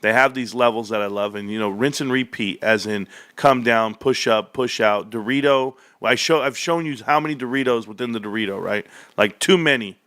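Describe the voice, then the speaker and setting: A man hosting casual stock market commentary, animated and joking, calling his viewers bro. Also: mid-range voice, fairly quick, few pauses, no room sound. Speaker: stock market video host.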